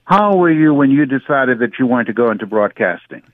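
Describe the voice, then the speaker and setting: A man's voice: medium pitch, lively intonation, brisk, dry recording. An older man giving motivational radio talk as a guest, preacherly, repeating key phrases for emphasis, heard over a phone line. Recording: tinny phone-line sound.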